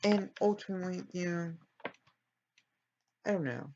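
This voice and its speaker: A man's voice: sits high, unhurried, darkish tone, slight background noise. A man casually narrating a story he builds in a life-simulation game, rambling and often correcting himself, on a dull lo-fi recording. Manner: rambling, self-correcting, apologetic. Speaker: let's play storyteller.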